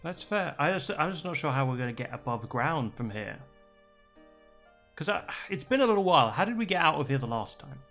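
A player voicing their character at a tabletop game, speaking thoughtfully and softly. The voice sits at a middle pitch. Faint music plays underneath. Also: sing-song, brisk. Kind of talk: casual chat in character.

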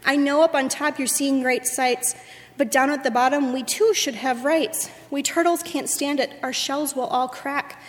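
A woman's voice: high voice, steady tone, moderate pace, big-room sound, close to an everyday voice. A woman voicing a humble, tired little male turtle who pleads politely. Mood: pleading.

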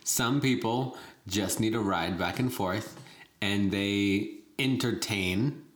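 Casual co-host: a woman with a very low voice, jokey, in an echoey room. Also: slow. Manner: playful, giggly, jokey. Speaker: podcast co-host. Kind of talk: casual chat.

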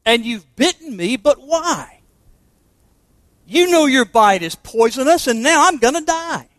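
A man's voice: very high voice, expressive, normal speed, fairly bright tone, no room sound, studio quality, exaggerated voice. A man voicing a kind, tender-hearted woman in a told poem, speaking in raised, pleading cries. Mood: distressed.

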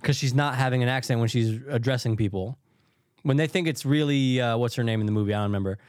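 A man's voice: mid-range voice, quick pace, a little mellow, no echo, clean studio sound. A man co-hosting a casual podcast chat, laid-back and rambling, with crude humor. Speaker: podcast co-host.

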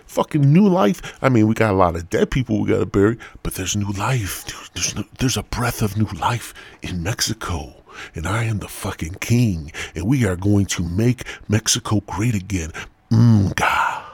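A man hosts a solo podcast in a rambling, profane monologue. His voice is low and husky, recorded close and dry on a podcast mic. He talks in a loose, meandering way. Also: darkish tone, no room sound. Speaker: podcast host.

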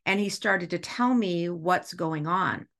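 A middle-aged woman, a school's executive director, telling a story in a podcast interview with animated feeling and an easy laugh. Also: on the low side, slow pace, vocal fry. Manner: animated, acts out dialogue while telling stories; emotional, laughs easily.

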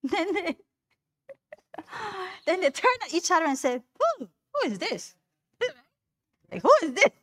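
High-voiced woman preaching slowly. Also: fairly bright tone. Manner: chatty, laughs often, calls on listeners by name. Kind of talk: informal sermon to a congregation.

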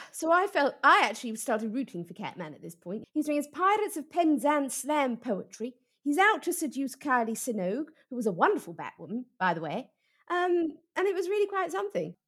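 High, lively gushing woman host. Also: brisk. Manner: gushing, mock-earnest. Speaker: podcast host. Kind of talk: comic chat, playing a fawning interviewer.

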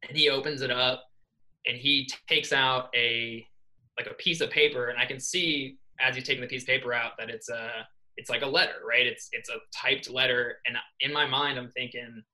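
A man's voice: medium pitch, moderate pace, poor audio. A young man from New York, a swim coach, telling a story in a casual podcast interview and acting out the dialogue. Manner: animated, acts out quoted dialogue. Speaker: assistant swim coach, guest. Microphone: podcast microphone.

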